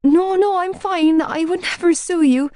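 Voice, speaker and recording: A nervous schoolgirl with a high, breathless voice, tripping over her words, as a woman reading an audiobook puts her on. The sound is close and dry. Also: moderate pace, dark tone, dry recording, close to an everyday voice. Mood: flustered. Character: shy flustered Irish teenage girl. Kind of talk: audiobook character voice.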